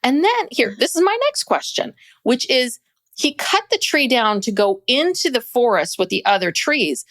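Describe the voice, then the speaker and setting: Woman in her 40s, podcast co-host, chatty and incredulous, lively pitch, dry close sound. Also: normal speed, no room sound. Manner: chatty, laughs, asks incredulous questions. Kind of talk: casual reality TV recap chat.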